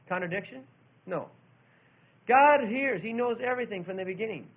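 A man preaching a sermon, telling a childhood story and then reading scripture with loud emphasis. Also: high voice, lively intonation, normal speed, husky. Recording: tinny phone-like old recording.

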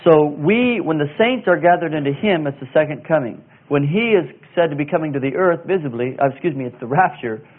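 A man teaching verse by verse through a Bible passage, slow and deliberate, pausing with fillers and spelling out Greek words. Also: on the high side, animated. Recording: tinny phone-like sound.

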